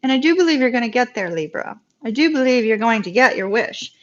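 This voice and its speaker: A woman with a Southern US accent giving a live tarot reading, chatty and reassuring and quick to laugh. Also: fairly high pitch, animated. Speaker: tarot reader. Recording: dull lo-fi live-stream audio.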